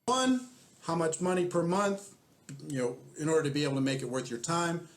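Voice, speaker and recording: A man's voice: a little high, very animated, fairly quick. A man coaching network marketing, methodically walking through numbered questions in casual talk.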